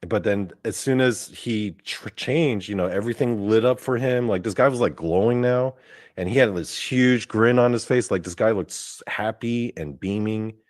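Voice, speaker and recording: A man's voice: lowish voice, normal speed, darkish tone, dry recording, studio quality. A young man hosting his own show, rambling through a long personal story in a casual way, with lots of filler words and cursing. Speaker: podcast host.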